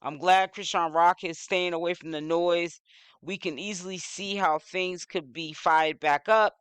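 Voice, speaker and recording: A man's voice: high-pitched, fairly even intonation, measured pace, fairly bright tone, clear, resonant tone, no echo. A man giving casual social media news commentary, rambling and leaning on "you know" as he talks.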